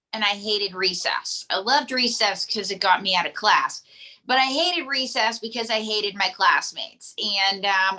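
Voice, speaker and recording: A woman's voice: fairly high pitch, pushed and bright. A woman doing a stand-up ventriloquism act at a live comedy show, chatty with lots of "um" and "okay".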